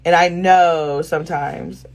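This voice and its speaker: This vlogger's voice is low and her delivery slow, with slight background noise behind it. She's telling a story to viewers on a phone live stream from home, blunt, animated, and cursing a lot.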